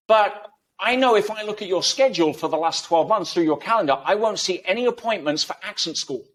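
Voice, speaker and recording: A man's voice: sits high, lively intonation, a little fast, fairly bright tone. Emphatic man explaining by analogy. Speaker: interview guest. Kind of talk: conversational interview.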